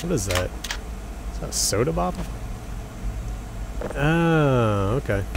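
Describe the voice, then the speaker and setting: A young man riffs through casual gameplay commentary, joking and chatting with the characters on screen. His voice is gravelly and his speech slow. Clear game sounds run behind him. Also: medium pitch, lively intonation. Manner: jokey, chatty, talks to enemies. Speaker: let's play gamer. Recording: game noise under voice.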